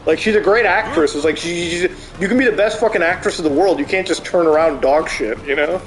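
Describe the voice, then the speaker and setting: A man's voice: fairly high pitch, brisk. A man streaming a game, chatting casually and ranting with plenty of swearing. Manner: profane, animated ranting. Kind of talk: casual chat while gaming.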